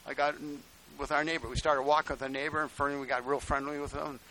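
Older man, pastor, folksy sermon storyteller, bright forceful tone, faint hiss on the tape. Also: flat delivery, fast talker, poor audio. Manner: folksy storytelling preaching, swinging from low asides to loud exclamations.

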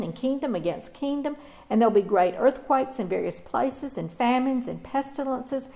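A woman pastor reading scripture and preaching a sermon in a measured, earnest way with deliberate pauses. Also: a little high, gravelly, a little mellow, rough recording.

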